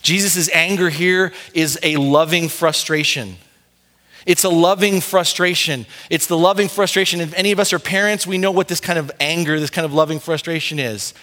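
High-voiced preaching man. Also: steady tone, normal speed, sharp tone. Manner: impassioned preaching, rising and falling intensity; direct address to congregation as "beloved". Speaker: pastor. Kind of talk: sermon.

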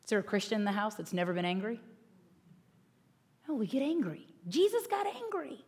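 A woman's voice: mid-range voice, sing-song, brisk, darkish tone, husky. A woman pastor giving a sermon in an earnest, conversational way.

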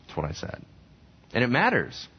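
A man's voice: mid-range voice, wildly swooping pitch, moderate pace, breathy edge. A man preaching a sermon as a pastor, talking conversationally and asking the congregation questions. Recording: dull lo-fi recording.

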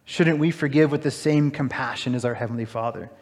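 A man preaching a sermon, retelling a parable with animated, emphatic, incredulous asides. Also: mid-range voice, brisk. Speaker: pastor. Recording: long hall reverb.

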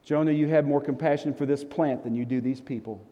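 A man preaching in a large hall speaks as a patient, compassionate God, with a calm and earnest appeal. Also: mid-range voice, brisk, muffled recording, lightly acted. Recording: long reverb of a large hall.

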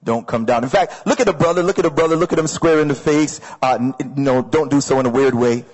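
A man preaching a sermon as a pastor, energetic and conversational, repeating phrases for emphasis to a crowd. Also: mid-range voice, quick pace, husky. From Canada. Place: large hall with audience. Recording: echoey hall.

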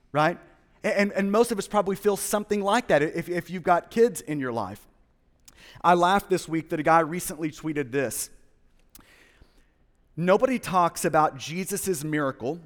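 A pastor in his thirties preaches a sermon in a high voice at a moderate pace, earnest throughout. He repeats words and restarts sentences, and a long reverb makes him sound as though he's in a large church hall.

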